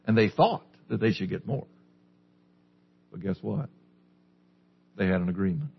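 A man delivers a sermon in a low, husky voice, putting questions to his listeners and then answering them. The recording is dull and lo-fi. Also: animated, a little slow. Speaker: pastor.

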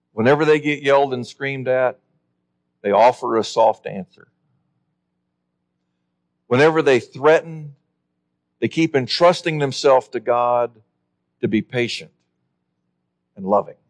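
Delivering a sermon, a man speaks earnestly and emphatically, easing his pace to lean on the key words. His voice sits in the mid range.

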